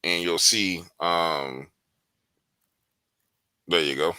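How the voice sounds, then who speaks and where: A man recounting events in casual chat, slangy and animated, cursing freely. His low-set voice has a very bright, forceful edge. The sound is dry and close. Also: very slow, clear, resonant tone, dry recording. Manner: animated storyteller, slangy, profane. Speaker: guest investigator. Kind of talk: casual podcast conversation.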